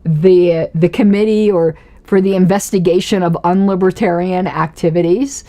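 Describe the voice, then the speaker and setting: A woman's voice: fairly low pitch, steady tone, moderate pace, mellow. A woman hosting a casual political commentary livestream, chatty and self-mocking, often laughing as she talks.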